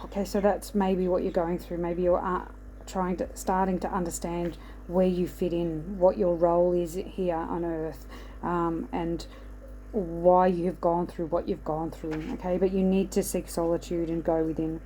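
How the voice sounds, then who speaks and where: A woman speaking in a mellow, slightly low voice as she rambles through an oracle card reading. She keeps reassuring the listener and checking in with "okay?". A faint hum of noise sits behind her. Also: level tone, measured pace, low-quality recording. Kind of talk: casual spiritual card reading.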